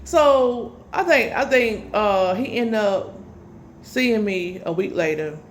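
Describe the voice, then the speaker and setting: A woman with a medium-pitched voice speaks slowly over slight background noise, telling a personal story in a casual, chatty way. She addresses her listeners directly as "y'all," throwing in dramatic asides as she animatedly retells what happened.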